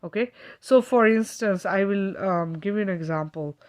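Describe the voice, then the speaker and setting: A woman's voice: mid-range voice, normal speed. A woman speaks straight to her viewers in a loose, rambling way, full of fillers and restarts. She sounds earnest and emotional, with the odd laugh breaking in. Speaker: spiritual channel host. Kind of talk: casual spiritual talk to viewers.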